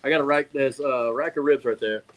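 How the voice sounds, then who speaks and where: A man's voice: mid-range voice, a little fast, over a noisy crowd. Laughing storyteller man. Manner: animated, laughing storyteller acting out quotes. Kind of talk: casual storytelling chat.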